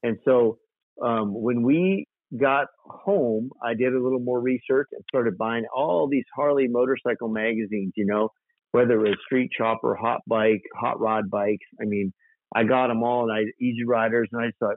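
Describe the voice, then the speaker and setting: Guest, male, from South Dakota; animated storyteller, mid pitch, phone-quality dry audio. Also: normal speed, dry recording. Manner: animated, rambling storyteller with fillers. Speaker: guest, custom motorcycle builder. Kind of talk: casual storytelling interview. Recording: tinny dry phone-like line.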